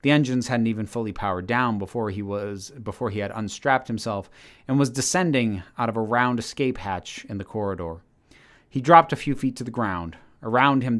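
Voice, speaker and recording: A man narrating a story aloud in a steady, measured reading manner. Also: mid-range voice. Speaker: channel host reading his story. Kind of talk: audiobook-style story narration.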